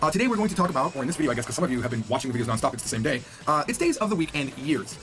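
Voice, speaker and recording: Male teacher, upbeat and chatty, rapid-fire with a lively pitch, drills words by repetition. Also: faint music behind. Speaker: language teacher. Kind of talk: recorded beginner lesson.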